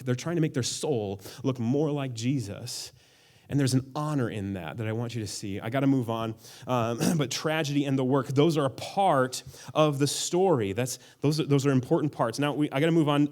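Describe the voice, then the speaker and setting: A man's voice: medium pitch, a little mellow. A man preaching a sermon as a pastor, in a casual, conversational way with frequent asides.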